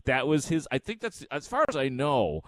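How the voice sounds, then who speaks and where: A man's voice: mid-range voice, huge pitch swings, normal speed, dry recording. A man hosting a radio show, telling easygoing stories and laughing along with his guest. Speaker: radio host. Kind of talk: casual radio chat.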